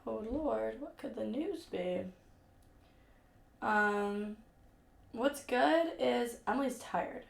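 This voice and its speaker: A woman's voice: on the high side, animated, slow, gravelly, pauses often. A young woman chatting casually with viewers on a live stream at home, complaining in a self-deprecating way. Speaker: livestreamer. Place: room at home. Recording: echoey room with faint background hum.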